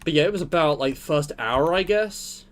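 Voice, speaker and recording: A man's voice: a little high, animated, normal speed. A young man streaming a game, chatting casually and rambling in a jokey way to his viewers. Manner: rambling, jokey, talks to chat while playing. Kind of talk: casual gameplay chat.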